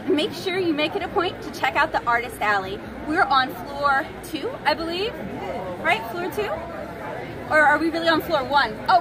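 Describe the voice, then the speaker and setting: A woman comic artist giving a casual, candid vlog recap from her artist alley table. She talks in a chatty way with frequent "um" fillers and sounds tired. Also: sits high. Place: artist alley at an indoor anime convention. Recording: echoey hall with a faint crowd.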